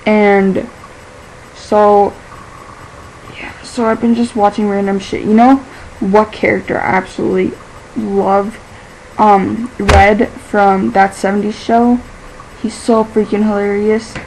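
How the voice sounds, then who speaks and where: A woman's voice: medium pitch, a little mellow, slight background noise, rough recording. A teenage girl vlogging in a rambling, casual way, filling her talk with "like" and laughing easily. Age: teens. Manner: chatty and scattered, fills every pause with "like", laughs easily.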